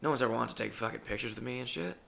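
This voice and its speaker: A stand-up comedian telling stories in a casual, rambling way and swearing freely. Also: male voice, medium pitch, very fast, gravelly, a bit bright. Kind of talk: casual storytelling monologue.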